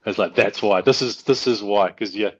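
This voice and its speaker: Low-voiced podcast host on dull audio. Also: male voice, normal speed. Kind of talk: casual podcast chat.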